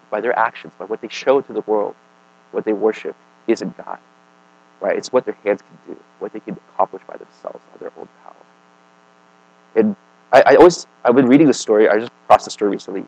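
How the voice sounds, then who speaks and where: A man preaching a sermon in a casual, conversational way, often checking in with "right?" and "okay?", swinging between emphatic and quiet. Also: fairly low pitch, no echo, poor audio.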